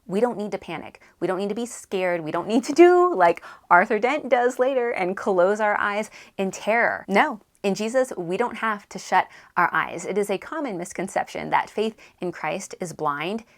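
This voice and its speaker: Animated woman reviewing books. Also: mid-range voice, normal speed, few pauses. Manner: animated, emphatic, conversational. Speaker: book reviewer and Bible teacher. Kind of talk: book review vlog with scripture reflection.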